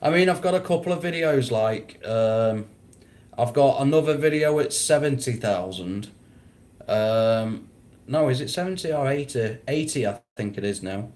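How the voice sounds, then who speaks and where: A man's voice: mid-range voice, animated, moderate pace, a little mellow. A man hosting a casual livestream, chatting with viewers, swearing and laughing a lot. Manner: laid-back, swears a lot, laughs often. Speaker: livestream host. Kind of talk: casual livestream chat reading comments.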